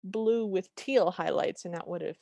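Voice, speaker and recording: A woman's voice: fairly low pitch, moderate pace, creaky, mellow, no room sound. A woman co-hosting a podcast, giving wry, sardonic asides in casual film recap chat. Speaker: podcast co-host.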